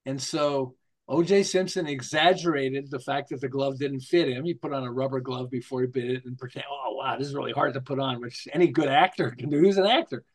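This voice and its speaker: A man's voice: medium pitch, brisk. An older man talking as an interview guest, telling stories animatedly, acting out quotes and often checking in with "okay?". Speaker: marketing guest. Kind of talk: storytelling interview talk.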